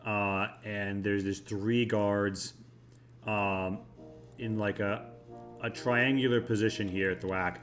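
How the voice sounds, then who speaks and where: A man's voice: lowish voice, steady tone, takes it slowly. A man narrating a tabletop game as game master, telling the story dramatically with casual swearing. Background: background music.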